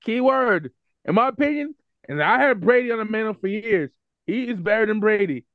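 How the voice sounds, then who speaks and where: A man's voice: high voice, animated, fairly quick, no echo. A man co-hosting a sports podcast, insistent in casual debate, cutting in and pressing his point. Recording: dry, dull lo-fi audio.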